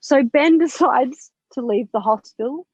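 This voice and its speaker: In a podcast interview, a spiritual mentor with a high voice recounts her own stories in a candid, animated way, laughing and swearing throughout. She keeps a measured pace with a breathy edge, on a dry lo-fi recording without echo.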